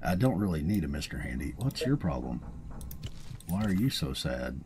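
Man, Southern accent, low dark voice, unhurried game commentary, faint hiss behind. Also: sing-song, creaky. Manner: chatty, folksy and self-amused, chuckling often. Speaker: let's play host. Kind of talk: casual gameplay commentary.

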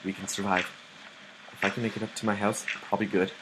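A man's voice: on the low side, level tone, fast, very noisy. A young man commentating his own live gameplay, easily startled and muttering nervously to himself. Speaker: gamer playing live.

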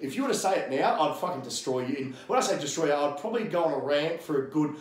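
A man's voice: a little high, expressive, fast talker, roomy sound. An Australian man speaking as a guest coach in a casual podcast interview, talking bluntly with lots of swearing, ranting and getting fired up.

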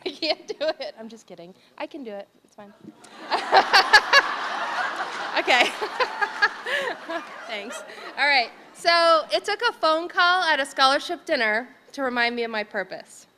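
A woman's voice: sits high, expressive, a little slow, pauses often, sharp tone, a little hiss or hum. A woman from Vermont and an educator, telling a personal story on stage with emotion, laughing often and checking in with the audience. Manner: emotional, laughs often, keeps asking "right?". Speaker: conference speaker, educator. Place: large conference hall. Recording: reverberant conference hall.

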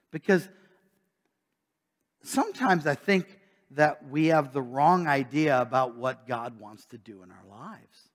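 An American man preaches as pastor in a church sanctuary, his voice on the high side and unhurried. He speaks conversationally and poses rhetorical questions to his listeners, with long church reverb on the recording.

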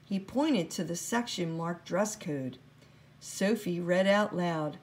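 A woman reading a children's picture book aloud with gentle, expressive storytelling. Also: lowish voice, slow. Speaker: storybook reader.

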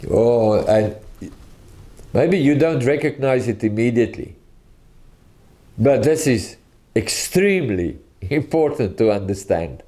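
A man preaching a sermon, teaching in an earnest, deliberate way and often restarting his sentences. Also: medium pitch, expressive, dark tone.

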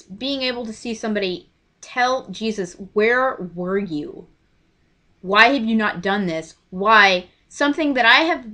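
A woman in her twenties telling a story in a casual vlog, animated and emotional as she acts out quoted lines. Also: mid-range voice. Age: 20s. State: choked up. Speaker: vlogger.

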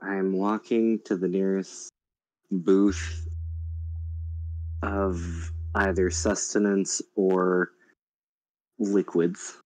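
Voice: sits low, level tone, very slow, long pauses, darkish tone, dry recording, rough recording. A player in a tabletop role-playing game, talking in a playful, hesitant way.

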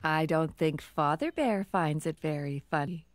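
Patient mama bear, low and slow, gentle explainer. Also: female voice, noisy background. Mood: calm. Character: calm, patient motherly bear.

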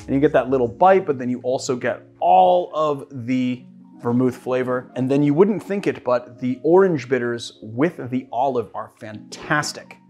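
A man's voice: medium pitch, moderate pace, soft background music. A man from the Boston area hosting a cocktail show, chatty and rambling as he mixes and tastes drinks. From Boston area, USA. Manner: chatty, rambling, animated asides. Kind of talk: casual cocktail-making demo.

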